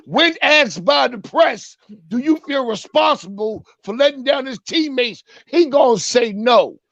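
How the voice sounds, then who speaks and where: A man's voice: very high voice, animated, a little slow, creaky, fairly bright tone, no room sound, dull audio. A man doing a comedic sports rant segment, mocking and punchy, with a repeated catchphrase. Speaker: sports talk segment host.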